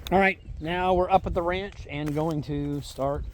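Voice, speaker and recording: Upbeat Midwestern farmer talking to camera outdoors as he works; slightly raised pitch, faint outdoor noise on the camera mic. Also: fairly even intonation, a little slow. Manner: upbeat, talks while working. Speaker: farmer vlogger. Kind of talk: casual farm vlog narration. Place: outdoors on a farm.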